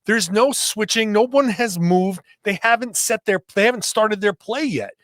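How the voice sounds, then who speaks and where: A podcast co-host breaking down a basketball play in an expressive, rambling way. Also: male voice, sits high, moderate pace, no echo, clean studio sound. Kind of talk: sports analysis chat.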